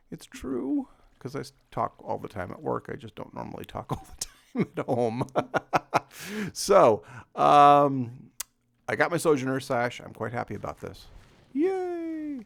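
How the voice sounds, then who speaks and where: A man's voice: medium pitch, creaky, dry recording. A man with a scratchy voice giving casual, rambling gameplay commentary as a let's play host, chuckling at himself. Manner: rambling, self-deprecating, chuckles often.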